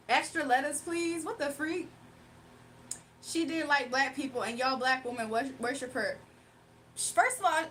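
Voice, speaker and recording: A woman's voice: high voice, fairly bright tone, a little hiss or hum. A woman from Virginia hosting a live stream, chatting casually, reading viewer comments, and teasing them playfully with frequent laughter. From Virginia, USA. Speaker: livestream host.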